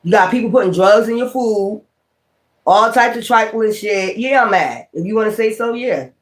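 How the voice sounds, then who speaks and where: A man's voice: high-pitched, moderate pace, fairly bright tone. A man who reads tarot, ranting on a livestream in a profane, confrontational way and repeating his points. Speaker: tarot reader. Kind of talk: livestream rant.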